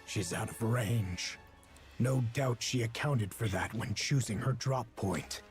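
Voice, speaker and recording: Woman putting on a deep gruff commander. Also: slow, faint music behind. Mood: terse. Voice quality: deep, quiet. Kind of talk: reading a game story aloud.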